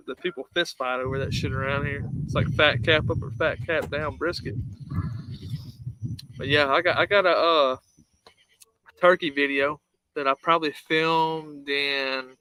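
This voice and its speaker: A man chatting on a livestream, blunt and salty, rambling with quick restarts. His voice is bright and a bit high. It sounds dry, with no room around it. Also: steady tone, clean tone, no echo, low-quality recording. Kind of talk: casual chat.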